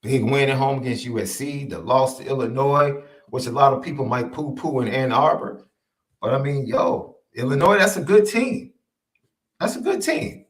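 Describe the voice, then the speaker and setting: A man's voice: medium pitch, normal speed. A man co-hosting a sports podcast in casual chat, emphatic and repeating his points. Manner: animated, emphatic repetition. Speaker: podcast co-host.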